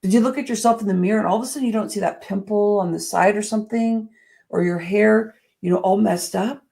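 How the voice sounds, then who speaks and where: A woman coach giving a heartfelt motivational talk with a gravelly, creaky edge to her voice. She speaks at a middling pitch, shifting between hushed, slowed reflections and bright, emphatic bursts. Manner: earnest and expressive, swinging between soft and emphatic.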